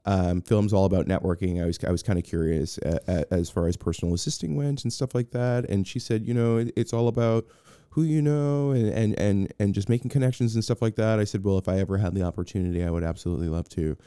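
Low dark guy rambling thru a story, lots of restarts, dry room. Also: fast, hardly any pauses, clear, resonant tone, dry recording. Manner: rambling, many restarts, acts out quoted voices. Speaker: guest, film personal assistant. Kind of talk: casual interview storytelling.

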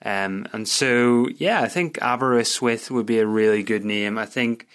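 A man's voice: medium pitch, normal speed, a bit bright, smooth. A young man with a Northern Irish accent, hosting a podcast in a rambling, chatty, self-mocking way. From Northern Ireland. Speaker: podcast host. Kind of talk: casual solo podcast chat.

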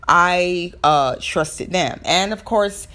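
A young woman with a Southern American accent hosts her own podcast in a relaxed, chatty way. Her voice sits a little low for a woman. She rambles, doubles back and fills the pauses with "um" and "like.". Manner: chatty, rambling, frequent fillers and restarts. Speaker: podcast host. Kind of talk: casual solo podcast talk.

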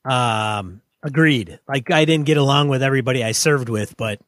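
A man co-hosting a casual podcast, reading listener mail and giving measured, opinionated takes. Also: mid-range voice, fairly bright tone, dry recording, studio quality. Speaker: podcast co-host.

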